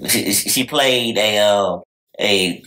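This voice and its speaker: A woman's voice: a bass voice, slow pace, a bit bright, soft background music. A woman co-hosting a podcast, chatting casually, rambling through restarts and laughing easily. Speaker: podcast co-host. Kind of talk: casual chat.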